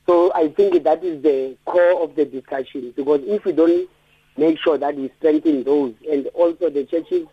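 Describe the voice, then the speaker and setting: A man's voice: on the high side, normal speed, husky, dry recording. A South African man calling in to a radio show, speaking earnestly with stammered restarts. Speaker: caller. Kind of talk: radio call-in. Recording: dull lo-fi phone line.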